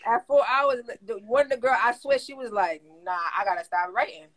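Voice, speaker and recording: A woman coaching listeners on credit in a casual livestream, talking in animated slang and laughing often. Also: on the high side, brisk. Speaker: credit coach teaching a class. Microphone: phone.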